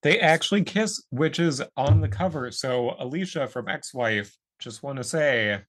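A man's voice: mid-range voice, lively intonation, a little slow, fairly bright tone. A man co-hosting a podcast, talking through comics in a blunt, candid way and swearing freely. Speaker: podcast co-host. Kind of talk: casual comic-book discussion.

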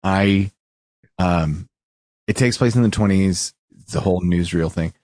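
A man co-hosting a casual podcast chat, animated and stop-start, laughing often. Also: low voice, measured pace, dry recording, studio quality. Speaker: podcast co-host.

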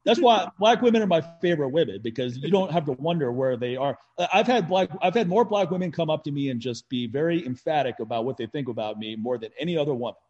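A man talking in a casual chat, telling animated stories, laughing often and swearing freely. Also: fairly high pitch, quick pace, few pauses, lo-fi sound.

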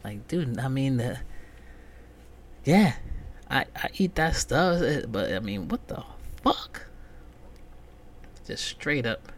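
A man hosting a solo comedy podcast, ranting profanely and swinging from loud outbursts to muttered whispered asides. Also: medium pitch, expressive, takes it slowly, long pauses, a little hiss or hum. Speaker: podcast host.

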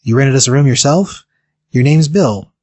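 A man voicing a patient, reassuring young woman in a raised, husky voice. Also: mid-range voice, expressive, normal speed, a little mellow, no echo, close to an everyday voice.

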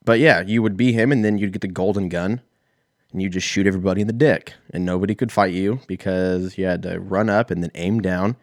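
A man's voice: sits low, steady tone, brisk, dry recording, studio quality. A man in his thirties, telling a rambling, profane, self-mocking story in a casual solo podcast. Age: 30s. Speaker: podcast host.

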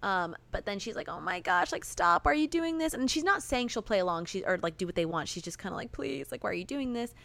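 A young woman from Georgia co-hosting a casual podcast chat, her pitch swooping all over as she acts out characters' lines. She talks fast and laughs often. The recording is dry and close-miked. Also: lively intonation, gravelly, bright, forceful tone, no room sound. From Georgia, USA. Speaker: podcast co-host. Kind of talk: casual chat recapping a film.

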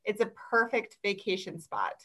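A woman's voice: mid-range voice, sing-song, moderate pace, bright, forceful tone. A woman from Utah chatting casually and upbeat as a podcast guest. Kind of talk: casual chat.

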